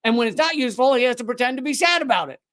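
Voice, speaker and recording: A man's voice: extremely high pitch, expressive, very fast, a bit bright. A man hosting a live political comedy show, ranting sarcastically and mocking officials in put-on voices. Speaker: comedian host.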